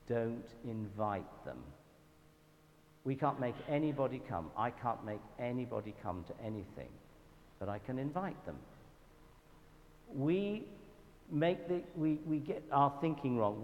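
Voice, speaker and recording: A man with a Southern English accent giving a church talk, telling anecdotes in a lively, self-deprecating way. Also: medium pitch, muffled recording. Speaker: guest speaker at a church event. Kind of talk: storytelling sermon talk. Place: church hall. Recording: reverberant hall with faint background noise.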